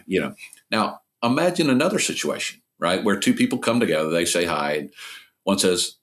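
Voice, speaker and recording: A man's voice: low-pitched, animated, a little fast, a bit bright. A man speaking as a podcast guest, earnestly explaining ideas through stories. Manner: earnest, illustrative storytelling. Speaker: podcast guest, recovery ministry founder. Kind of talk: conversational interview.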